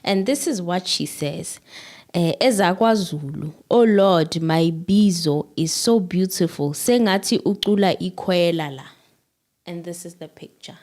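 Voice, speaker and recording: A woman's voice: on the low side, unhurried, darkish tone. A woman co-hosting a casual live stream, reading out viewer comments and laughing easily.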